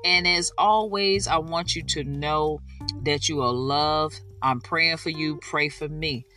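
A podcast host leading spoken prayer and faith declarations. They talk with fervor, repeat each declaration slowly for listeners to echo, and drop into folksy, informal asides between prayers. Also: mid-range voice, pushed and bright, distant mic, soft background music.

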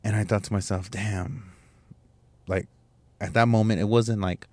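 A man's voice: lowish voice, fairly even intonation, moderate pace, darkish tone, no room sound. A young man hosting a podcast, telling a personal story in a candid, emotional, rambling way with restarts and swearing. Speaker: podcast host.

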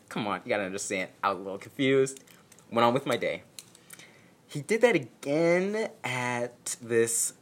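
A storyteller vlogger, at home with a dog nearby, relates a personal story in a casual, sarcastic, self-mocking way. Quotes come out in exaggerated voices, and the speaker's medium pitch has a fairly bright tone.

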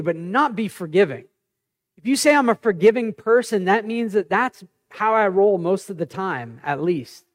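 Man, high voice, pastor, lively conversational sermon, personal anecdotes. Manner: animated, conversational preaching with personal stories.

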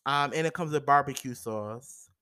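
A man's voice: mid-range voice, moderate pace, pushed and bright, clear, resonant tone. A man hosting his own podcast, chatting casually and gossiping about celebrity news with slangy asides and lots of fillers. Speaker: podcast host. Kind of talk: casual solo podcast chat.

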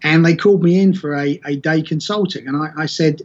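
A man with a husky, slightly raised voice talks in a loose, conversational way, often restarting his sentences as he explains his view. The recording sounds muffled and lo-fi. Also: fairly high pitch, fairly quick, few pauses. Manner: rambling, self-correcting storyteller. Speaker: podcast guest. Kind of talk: casual conversation.

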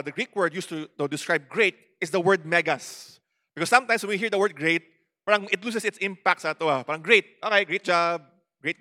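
A man's voice: high voice, bright, forceful tone, long reverb tail. A man with a Cebuano Filipino accent preaching a sermon in a conversational way, often checking in with the listeners. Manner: code-switching, conversational, asks the congregation questions.

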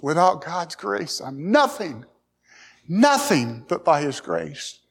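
A middle-aged man preaching a sermon, folksy and emphatic, climbing to loud high peaks and repeating words. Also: very animated, slow pace, creaky, breathy edge. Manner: emphatic, rising loud at key points. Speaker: pastor.

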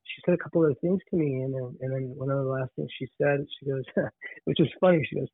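Animated man on a tinny phone line. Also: mid-range voice, quick pace, no room sound. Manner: animated, restarts and repeats words. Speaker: podcast guest. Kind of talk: casual storytelling.

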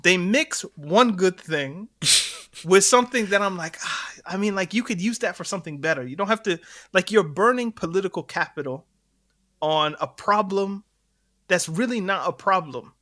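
A man co-hosting a podcast, telling a story in animated casual chat and laughing between points. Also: sits high, moderate pace. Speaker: podcast co-host.

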